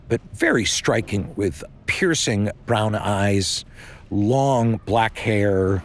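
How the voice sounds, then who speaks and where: A man casually improvising a bedtime story, rambling with many fillers. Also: lowish voice.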